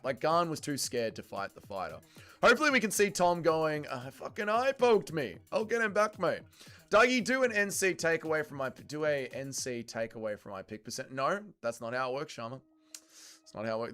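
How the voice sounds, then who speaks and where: A young man hosting a casual watch-along stream, his voice fairly high and swinging widely in pitch as he reacts and swears. Faint music plays behind him. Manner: animated, swearing, reacting to chat. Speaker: livestream host.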